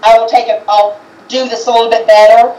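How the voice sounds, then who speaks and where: A woman with a somewhat high voice talks in a halting, hesitant way, often restarting her sentences. She sounds set back from the mic, and the room around her rings with echo. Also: level tone, dark tone, far from the mic. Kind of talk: casual chat on a livestream. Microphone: video call.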